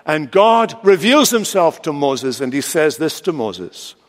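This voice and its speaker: A male pastor preaching a sermon with expressive delivery, slowing down and lifting his voice for quoted lines. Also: fairly high pitch. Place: large church sanctuary. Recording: long church reverb.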